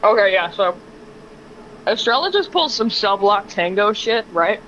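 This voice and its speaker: A woman's voice: mid-range voice, big pitch swings, measured pace, a bit bright, a little hiss or hum. A woman player in a tabletop game, talking casually and swearing freely. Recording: dull lo-fi sound.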